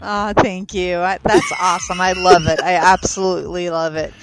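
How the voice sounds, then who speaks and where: A woman co-hosting a casual podcast chat, speaking candidly, unhurried and giggly. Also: fairly low pitch, little pitch movement, a little hiss or hum, low-quality recording. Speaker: podcast co-host.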